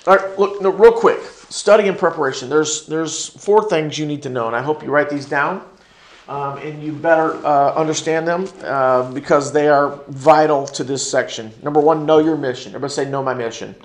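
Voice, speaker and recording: In a room full of echo, a higher-pitched American man moves briskly through a church ministry class delivered sermon-style. Key phrases come back again and again, and he calls out for answers from those present.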